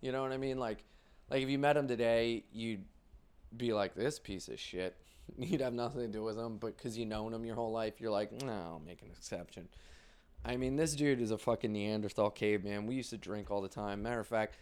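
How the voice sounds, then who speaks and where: Medium in pitch, steady, a little mellow and clear with resonance, this stand-up comedian's voice carries a relaxed monologue. His stories ramble and are full of profanity, delivered in quick bursts with the quotes acted out.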